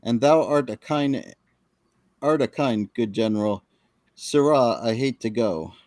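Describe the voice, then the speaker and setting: A man's voice: mid-range voice, unhurried, darkish tone, dry recording, close to an everyday voice. A man reading a roguish male space smuggler in Shakespearean-style verse. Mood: resolute.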